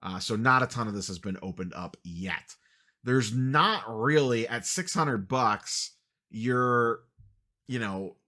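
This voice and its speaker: A man talks through a casual market update with a somewhat low voice that still comes across bright and forceful. His humor is dry and wry, he pokes fun at himself, and he fills his pauses with "uh". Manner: dry, wry self-deprecating delivery with many "uh" fillers. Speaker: sports card channel host.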